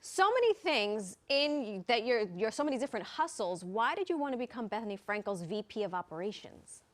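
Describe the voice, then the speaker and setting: A woman hosts a television news interview in a fairly high voice. She is chatty and enthusiastic, often cheering her guest on. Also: very animated, a little fast. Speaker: news show host. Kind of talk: TV interview hosting.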